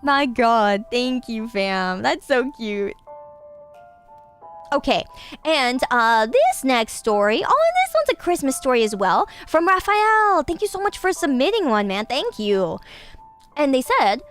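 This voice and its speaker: A woman's voice: high-pitched, very animated, measured pace, a bit bright, faint music behind. A woman hosting a casual stream show, chatting and reading listener stories while gushing and laughing often. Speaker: streamer hosting a call-in style radio show.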